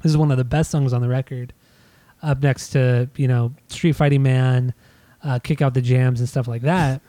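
A man's voice: mid-range voice, steady tone, moderate pace, dark tone, dry recording. A man co-hosting a casual music discussion, insistent and restarting his sentences often. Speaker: podcast co-host.

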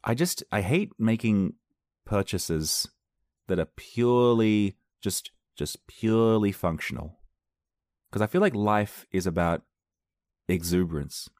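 A man's voice: lowish voice, unhurried, darkish tone, dry recording, clean studio sound. A man chatting casually to his viewers, rambling through a story, repeating words and laughing easily. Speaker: vlogger.

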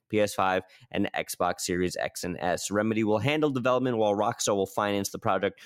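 An excitable man co-hosting a casual gaming podcast. His pitch swings widely as he gets worked up, and he keeps breaking into little acted-out scenes.

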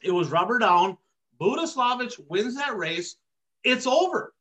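A man's voice: extremely high pitch, sing-song, unhurried, a bit bright. A man hosting a racing podcast, ranting emphatically in casual commentary and hammering his points with repeated catchphrases. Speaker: podcast host. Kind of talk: heated casual commentary on dirt track racing.

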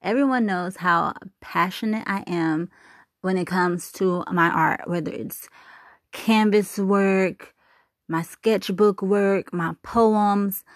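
A woman's voice: medium pitch, slow, no room sound, studio quality. A woman vlogger introducing a video she loves, in a gushing, enthusiastic way. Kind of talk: casual introduction to camera.

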